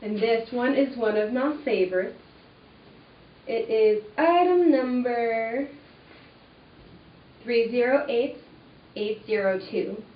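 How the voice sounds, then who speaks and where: A woman's voice: fairly high pitch, lively intonation, slow pace, pauses often. Chatty young woman in a roomy space. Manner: chatty, enthusiastic, many "like"s and "um"s. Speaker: fabric webinar host. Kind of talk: casual product walkthrough. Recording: roomy, distant, slightly dull sound with faint ambience.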